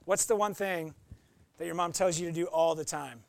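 High-voiced playful male pastor. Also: moderate pace, gravelly, no echo. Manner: playful, acts out voices and quotes. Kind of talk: sermon.

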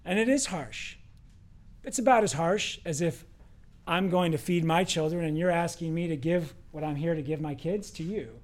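A man with a high-pitched voice preaching in a relaxed, conversational way. He tells the story with lively acted quotes and talks straight to his congregation. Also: moderate pace. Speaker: pastor. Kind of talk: sermon.

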